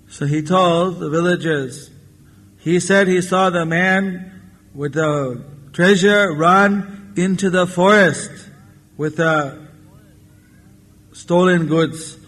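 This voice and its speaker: A man tells a moral tale in a deliberate, very slow sermon, with a voice pitched a bit high for a man. He acts out the characters as he goes. The sound is an old 1994 lecture tape with a long, ringing hall echo. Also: a bit bright. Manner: unhurried storyteller who acts out the characters. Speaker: spiritual lecturer. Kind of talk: storytelling sermon.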